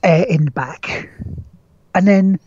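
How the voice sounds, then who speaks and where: A man's voice: sits high, takes it slowly, darkish tone, slightly rough, highs cut off. A man hosting a podcast, chatting casually about games, rambling with lots of restarts, casual swearing and chuckles. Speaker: podcast host. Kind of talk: casual gaming chat.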